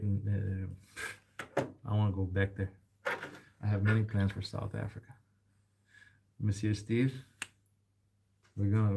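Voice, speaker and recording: A man's voice: lowish voice, gravelly, noisy background. A young man, chatting casually while repairing a bike in his shop, rambling and calling the listener man and bro. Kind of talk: casual chat while working.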